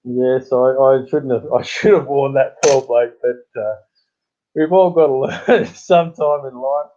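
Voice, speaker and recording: An Australian man chats casually on a livestream, rambling through old stories and chuckling as he goes. His voice sits at an ordinary middle pitch. The sound is thin and tinny, like a phone line. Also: fairly even intonation, a little slow, dark tone. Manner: rambling storyteller who chuckles often. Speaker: livestream host. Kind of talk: casual live-stream chat.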